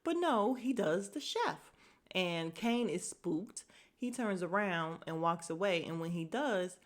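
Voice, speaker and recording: A woman hosting a casual podcast, recapping a TV drama episode in an animated way, swearing freely and laughing as she retells scenes. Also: fairly low pitch, slow. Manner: laughs often while recounting.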